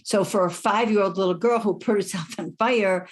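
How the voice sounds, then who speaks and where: A woman's voice: medium pitch, normal speed. Middle-aged woman, life coach, candid reflective interview talk.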